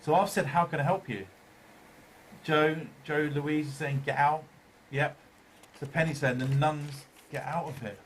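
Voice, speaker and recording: An easygoing man hosts a live paranormal talk show, reading viewers' comments aloud in a loose, conversational way. He repeats himself often and laughs readily, with a quiet hum of room sound behind him. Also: fairly high pitch, steady tone. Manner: chatty, repeats phrases, quick to laugh.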